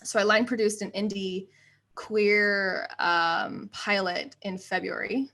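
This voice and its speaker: A woman's voice: mid-range voice, slow. A woman in her thirties from the United States, chatting as a podcast guest and acting out quotes as she tells stories. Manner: animated storyteller, acts out quotes. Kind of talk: casual interview chat.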